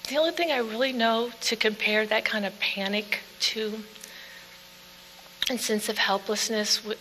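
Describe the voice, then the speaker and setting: A woman giving an earnest personal testimony speech in plain storytelling, dropping to quiet passages. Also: mid-range voice. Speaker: speaker telling her own story. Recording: echoey hall with faint hum.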